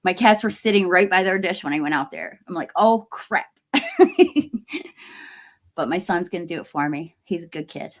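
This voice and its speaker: A woman's voice: fairly low pitch, moderate pace. A middle-aged woman chatting casually on a live stream, reading viewer comments, laughing often and trailing off mid-sentence. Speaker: horror YouTuber hosting a live stream.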